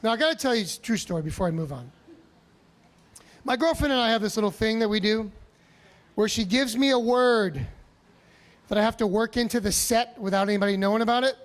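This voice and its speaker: A male stand-up comedian telling a story on a comedy club stage, animated, profane and self-mocking. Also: sits high, a little fast, pauses often.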